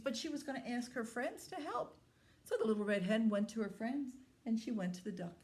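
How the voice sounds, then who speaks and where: A woman who is a children's librarian, telling a story to young children at story time in a slow, sing-song way. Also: fairly high pitch, big pitch swings, a little mellow.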